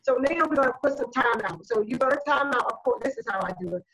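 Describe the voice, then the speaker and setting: A woman's voice: sits high, animated, fast, a bit bright, slight background noise, rough recording. A woman in casual group discussion, speaking animatedly and acting out exchanges with children. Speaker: panel guest sharing parenting views.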